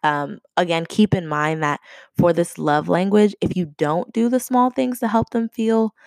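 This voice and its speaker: Young woman, podcast host, low voice, chatty casual talk, dry close sound. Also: unhurried, creaky, darkish tone, no room sound. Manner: chatty and conversational, laughs often.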